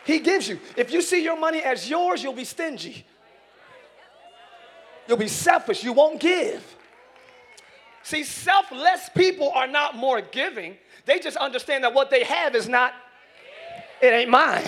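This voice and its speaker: High-voiced pastor preaching with shouted bursts. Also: male voice, a faint crowd. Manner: animated, shouting bursts and quick asides. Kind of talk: sermon. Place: church.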